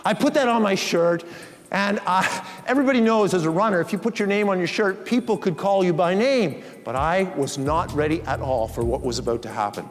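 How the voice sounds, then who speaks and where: A middle-aged man delivers a motivational story on stage, his voice sitting high for a man. He acts out the lines he quotes with animated energy. The sound rings through a large reverberant hall with faint music underneath. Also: brisk. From Canada. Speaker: keynote speaker.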